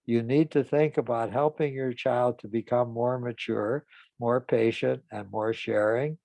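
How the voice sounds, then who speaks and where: A man voicing a calm, firm woman partner who sets limits in a measured, plain-spoken way. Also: medium pitch, vocal fry, no room sound. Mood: resolute.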